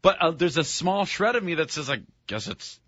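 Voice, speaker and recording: A man co-hosting a morning radio show, curious and quick to react. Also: a little high, big pitch swings, a bit bright, no echo, lo-fi sound. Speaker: radio host.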